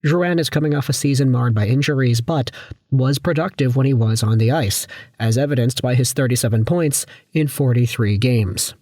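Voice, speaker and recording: Hoarse guy rambling about hockey on his channel, chatty, dry close sound. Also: medium pitch, moderate pace, a little mellow, no room sound. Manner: chatty, conversational, with frequent asides. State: hoarse from a viral infection. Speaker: hockey YouTuber. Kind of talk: casual sports commentary.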